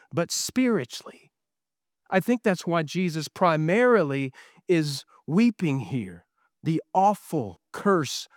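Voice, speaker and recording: A man's voice: fairly high pitch, no room sound. Earnest male pastor preaching, dry sound. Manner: earnest preaching with rhetorical questions. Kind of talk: sermon.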